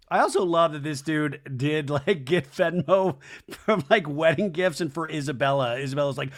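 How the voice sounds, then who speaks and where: Campy gossiping man with a lively voice. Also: on the high side, fast talker. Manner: campy, gossipy, acts out cast members' lines in silly voices. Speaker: podcast host. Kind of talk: comedic reality TV recap.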